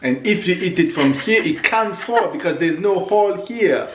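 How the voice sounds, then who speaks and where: A man's voice: sits high, animated, normal speed, a bit bright. A man bantering with his wife in their home kitchen, teasing and joking, laughing often. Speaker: vlog co-host, husband. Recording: echoey kitchen, faint noise.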